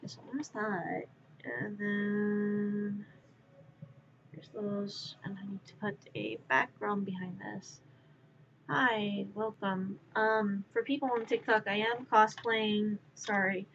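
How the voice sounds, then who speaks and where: Woman streaming from home, slow rambly chat, kinda scattered, dull lo-fi mic audio. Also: medium pitch, fairly even intonation, a little hiss or hum. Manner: distracted, rambling, chats to viewers while crafting; mutters softly to herself while working. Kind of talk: casual live-stream chat. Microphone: wearing headphones.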